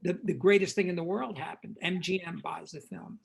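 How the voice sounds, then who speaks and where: An older man, a film director and interview guest, telling animated anecdotes and acting out the dialogue in them. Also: high voice, a little fast, gravelly, rough recording. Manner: lively raconteur, acts out quoted dialogue, frequent repetitions.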